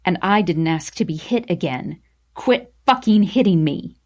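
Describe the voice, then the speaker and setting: A woman's voice: animated, measured pace, darkish tone. A woman voicing an angry, defensive young man in a storybook reading, speaking in a clipped, cold, bitter way. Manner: clipped, bitter, low and icy.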